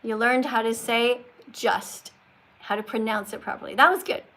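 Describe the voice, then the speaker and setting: A woman's voice: on the high side, steady tone, moderate pace, a bit bright. A woman hosting a live-stream call-in, talking emphatically and lecturing her callers, correcting how they pronounce words. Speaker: livestream host talking with callers.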